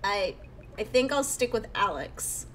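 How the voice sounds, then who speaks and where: A woman's voice: mid-range voice, lively intonation, unhurried, a bit bright, a little hiss or hum. A woman voicing a wary young guesthouse owner in a dry, mildly sarcastic tone. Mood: wry.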